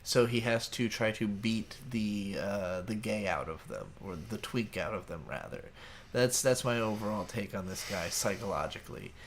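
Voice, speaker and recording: A man's voice: lowish voice, moderate pace, slight background noise. A man co-hosting an anime podcast, talking in a rambling, crude, joking way. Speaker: podcast co-host. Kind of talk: casual anime discussion.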